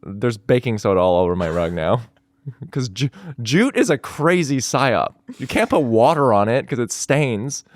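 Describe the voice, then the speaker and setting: A man's voice: medium pitch, expressive, measured pace, no room sound. A young man co-hosting a podcast, teasing with dry jokes and laughing easily in casual banter, close to the mic. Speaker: podcast co-host.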